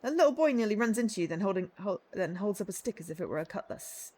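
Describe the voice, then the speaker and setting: A woman's voice: mid-range voice, fast talker. Chatty woman reading a game aloud. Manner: chatty, animated, reads with asides. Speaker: streamer.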